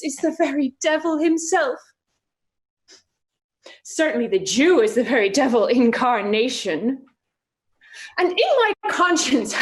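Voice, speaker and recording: A woman playing a young male clown servant who argues comically with himself, acting Shakespeare over a video call. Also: high voice. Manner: comic, bouncy, playing all the inner voices.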